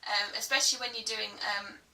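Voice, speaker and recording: A woman's voice: on the high side, fairly even intonation, quick pace, pushed and bright, recorded from a distance. A woman singing teacher giving a chatty vocal tutorial, full of fillers and breaking into belted sung demonstrations. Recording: echoey room, a little off-mic, faint music.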